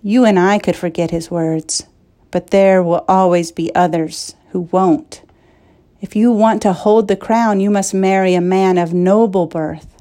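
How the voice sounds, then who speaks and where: A woman's voice: medium pitch, fairly even intonation, a little slow, dark tone, natural voice. A woman reading the part of an earnest young orphan knight, who speaks solemnly.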